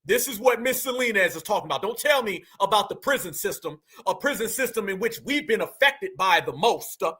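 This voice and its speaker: A man with a very high, bright, sharp voice hosts a reaction commentary show. He talks straight to his viewers in animated slang, pausing a clip to argue back at it. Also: husky. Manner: animated, addresses audience directly with slang. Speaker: commentary host.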